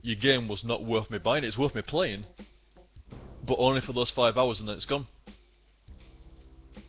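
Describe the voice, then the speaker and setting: A man's voice: mid-range voice, moderate pace, faint music behind. A British man in his twenties, a gaming streamer, ranting bluntly and swearing a lot in casual commentary. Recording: slightly dull lo-fi sound.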